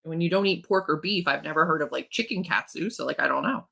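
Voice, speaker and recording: A woman's voice: low-pitched, fast talker, creaky, sharp tone, slightly rough. A young woman hosting a livestream, chatting casually and joking as she rambles. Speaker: livestream host, author. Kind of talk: casual chat.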